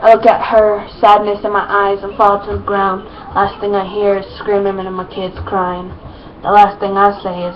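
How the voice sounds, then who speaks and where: A woman's voice: mid-range voice, completely flat delivery, moderate pace. Woman reading her own story aloud, muffled. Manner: plain read-aloud delivery with small slips and restarts. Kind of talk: reading fan fiction aloud. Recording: muffled lo-fi with faint noise.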